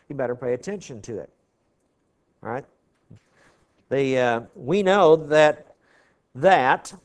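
Man teaching scripture line by line. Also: on the high side. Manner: explanatory, asks the class "okay?" often, clears throat. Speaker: Bible teacher. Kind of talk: verse-by-verse Bible teaching.

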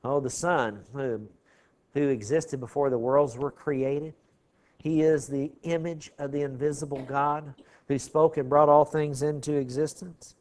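A man's voice: a little high, steady tone, measured pace, darkish tone. A man teaching a Bible class verse by verse, explaining word meanings and often checking in with his listeners. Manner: explanatory, asks the class "okay?" often, clears throat.

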